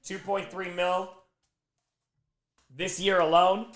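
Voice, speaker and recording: A man's voice: high voice, flat delivery, slow pace, fairly bright tone. A man hosting a charity livestream from home, chatting casually, fondly scolding his dog and thanking donors. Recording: roomy echo.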